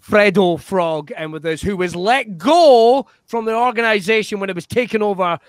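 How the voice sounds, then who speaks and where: A man's voice: sits high, normal speed, no echo. A man improvising as a panel-show host, introducing guests with mock amazement. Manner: mock-incredulous, announcer-like.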